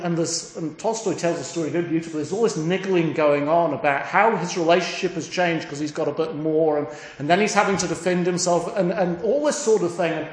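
A man, a priest, retelling a story in a sermon in an animated, chatty way, with many restarts. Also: sits high. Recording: echoey room with faint ambience.

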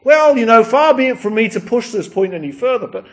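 A man's voice: very high-pitched, lively intonation, fairly quick, a bit bright, voice pushed up. A man voicing an old man who haggles with God in a polite, hesitant, wheedling way.

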